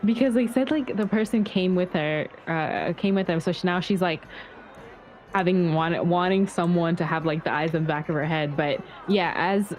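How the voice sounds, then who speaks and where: A woman's voice: on the low side, normal speed, a little mellow, poor audio. A woman playing a tabletop game, giggly and rambling as she talks through her moves. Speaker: player.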